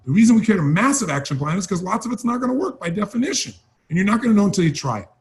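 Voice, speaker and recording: A man's voice: sits high, big pitch swings, racing. A man giving an emphatic motivational training talk, urging and repeating key phrases. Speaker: motivational speaker.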